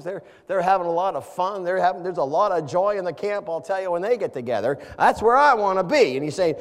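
A man preaching a sermon, swinging from loud emphatic lines to soft low asides and stressing key words slowly. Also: in a large hall. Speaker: pastor.

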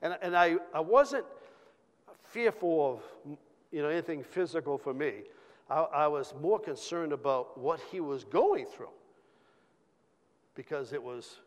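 A man telling a personal testimony in an informal sermon, halting with repeated words and fillers. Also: a little high, lively intonation, long reverb tail. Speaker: church speaker sharing a testimony.

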